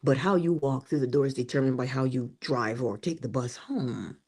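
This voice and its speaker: A woman's voice: rumbling low, moderate pace, husky. A woman hosting a morning inspiration stream, giving a motivational talk with emphasis, dropping to a whisper on key phrases and acting out little scenes. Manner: animated, laughs and acts out little scenes.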